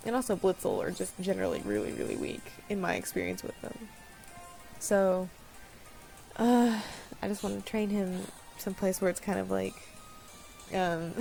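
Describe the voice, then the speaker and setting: A woman's voice: medium pitch, vocal fry, warm tone, low-quality recording. A woman giving casual, rambling commentary while playing a game, often apologizing and laughing at herself. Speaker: let's-play host.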